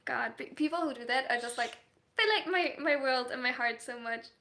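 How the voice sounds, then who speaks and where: A woman with a high, sharply bright voice chats casually with her livestream audience. She talks in an animated way, breaks into quick laughs, and restarts her sentences as she reacts to her viewers. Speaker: livestreaming story writer.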